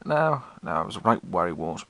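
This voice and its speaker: Young guy, low but bright voice, podcast monologue full of swearing and squeaky impressions. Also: big pitch swings, moderate pace, creaky, dry recording. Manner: swearing, self-mocking, acts out quoted voices in squeaky tones. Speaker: podcast host. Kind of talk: casual comic storytelling monologue.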